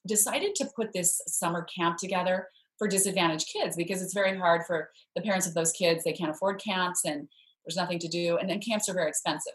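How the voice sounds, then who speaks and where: A woman telling a story in a podcast conversation, earnest and animated, with frequent restarts. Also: lowish voice, poor audio.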